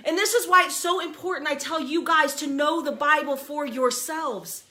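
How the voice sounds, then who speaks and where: A woman's voice: high-pitched, moderate pace, sharp tone. A woman teaching a verse-by-verse Bible study in an emphatic, conversational preaching manner, asking her listeners to picture the scene.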